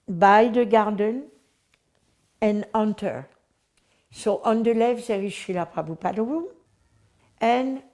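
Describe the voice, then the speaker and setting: A woman with a French accent, a native French speaker, sharing a personal memory in halting, emphatic English. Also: a little high, mellow. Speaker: devotee recalling memories. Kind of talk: personal reminiscence.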